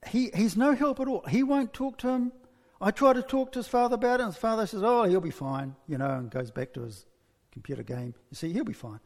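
A woman's voice: rumbling low, lively intonation, brisk, gravelly, darkish tone, in a large hall, full character voice. A man voicing a worried middle-aged churchgoing mother who talks in an anxious, confiding way. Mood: exasperated.

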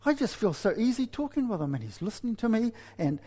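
A man's voice: high-pitched, very animated, fast talker, dark tone, in a large hall, voice pushed up. A man voicing a chatty young woman, first smitten and later exasperated with her husband.

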